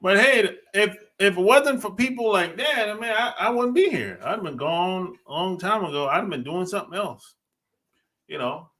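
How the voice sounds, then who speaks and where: A male podcast host talks slowly and easily, laughing and teasing as he goes. His voice sits on the high side and swings around a lot. The tone is bright and forward. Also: expressive. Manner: laid-back, laughs often, teasing. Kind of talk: casual podcast talk.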